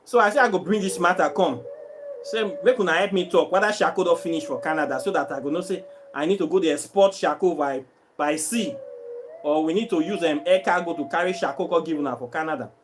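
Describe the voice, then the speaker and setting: Nigerian man, high pitch, Pidgin-tinged accent, exasperated vlog rant, repeats himself. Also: fast, noisy background. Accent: Nigerian, mixing in Pidgin. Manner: exasperated, repetitive complaining. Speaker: vlogger selling herbs and spiritual products. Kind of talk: casual vlog rant to viewers.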